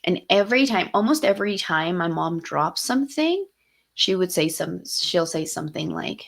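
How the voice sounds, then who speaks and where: A woman's voice: on the low side, very animated, moderate pace, gravelly. A young adult woman co-hosting a podcast, telling stories candidly in casual chat, dropping Spanish phrases and swearing freely. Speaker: podcast co-host.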